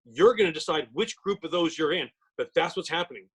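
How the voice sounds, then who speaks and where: Presenting a real estate training webinar over a video call, this middle-aged man rattles along at high speed like an insistent salesman. His voice is high, husky, and fairly bright, with lively intonation, captured through a computer mic in low-quality audio.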